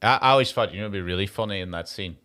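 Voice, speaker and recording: A man co-hosting a comedy podcast, jokey and quick to laugh, acting out silly quotes. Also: on the low side, sharp tone. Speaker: podcast co-host. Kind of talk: casual comedic chat.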